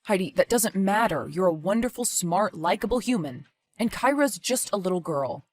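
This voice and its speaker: A woman voicing a careless father who breezily brushes off his girlfriend's worries in an animated story. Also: medium pitch, moderate pace, soft background music, lightly acted. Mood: reassuring. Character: dismissive careless father, a grown man. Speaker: boyfriend and father.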